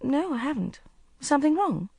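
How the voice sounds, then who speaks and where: The audiobook narrator voicing a cheerful, chatty young hotel guest in a brightly raised voice. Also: sits high, big pitch swings, moderate pace, vocal fry, no echo, pitched above the performer's own voice, full character voice. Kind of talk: audiobook character voice.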